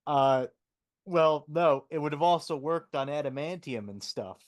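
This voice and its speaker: A man co-hosting a casual podcast, talking haltingly with repeated words and fillers. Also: fairly high pitch, animated. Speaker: podcast co-host.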